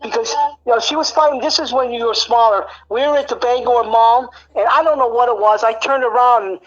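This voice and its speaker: A woman's voice: on the high side, fairly quick, muffled recording. A woman angrily venting in a casual conversation at home, swearing often and full of fillers. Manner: angry, profane venting, many fillers.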